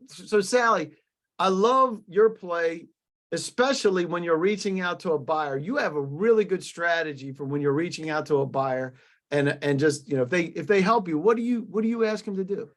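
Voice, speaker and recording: Guy hosting a webinar on a video call, kinda high voice, jokey, keeps restarting sentences. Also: a bit bright. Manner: upbeat, jokey, lots of restarts. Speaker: webinar host. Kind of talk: casual webinar chat.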